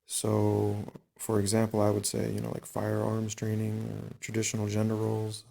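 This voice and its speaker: A man reading book excerpts aloud and adding his own comments, unhurried and full of pauses and fillers. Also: lowish voice, completely flat delivery, creaky, warm tone. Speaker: reader and commentator.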